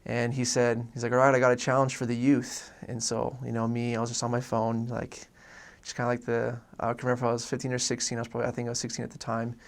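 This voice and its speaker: A young man from Oregon recounts his own story in an earnest, rambling way, stumbling through restarts and fillers. His mid-pitched voice stays flat and even, with a gravelly fry running through it. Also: fast, hardly any pauses. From Oregon, USA. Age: young adult. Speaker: returned missionary telling his story. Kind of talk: casual personal testimony.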